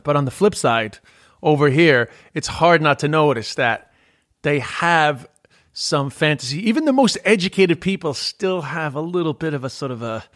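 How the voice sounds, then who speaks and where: A man's voice: medium pitch, a bit bright. An Irish man in his forties, talking in casual chat, rambling and emphatic with many fillers and the odd swear. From Ireland.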